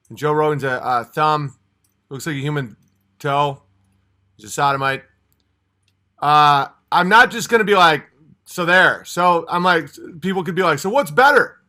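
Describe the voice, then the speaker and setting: A livestream host from upstate New York goes on a casual rant, fired-up, blunt and profane. His voice is on the high side with a sharp tone.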